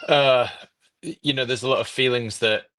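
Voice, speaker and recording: A man's voice: medium pitch, fairly even intonation, moderate pace, a bit bright. A man from Yorkshire, a guest football writer, chatting casually with wry jokes and many fillers. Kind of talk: casual podcast chat.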